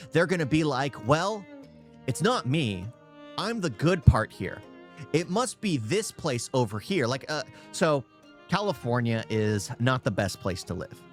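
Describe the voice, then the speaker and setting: A young adult man giving casual reaction commentary, rambling and repeating his own phrases. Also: mid-range voice. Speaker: reaction video host. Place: home in California.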